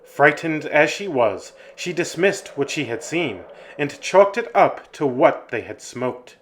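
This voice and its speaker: A man narrating a scripted horror story in a measured, ominous way. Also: a little high, expressive, fairly bright tone, slight background noise.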